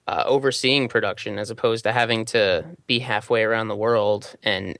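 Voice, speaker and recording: A man co-hosting a casual tech podcast, laid-back and joking, musing slowly through his answers. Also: lowish voice, vocal fry, fairly bright tone, dry recording, studio quality. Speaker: podcast co-host.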